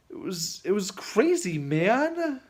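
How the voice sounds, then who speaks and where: A man telling a casual anecdote in a rambling way, full of fillers and restarts. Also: high voice. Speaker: storyteller.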